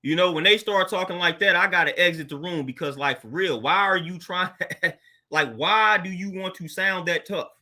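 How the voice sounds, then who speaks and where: A man with a high, very bright voice talks straight to his listeners in a relaxed, slangy monologue. He speaks loosely and laughs between his points. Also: normal speed. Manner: laid-back, conversational, laughs often, street slang. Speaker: podcast host. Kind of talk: casual monologue commentary.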